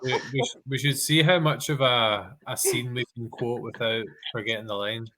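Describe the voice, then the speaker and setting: Bright-voiced Scottish man in casual chat. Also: medium pitch, steady tone, moderate pace. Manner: rambling, self-correcting, laughs easily. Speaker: podcast co-host.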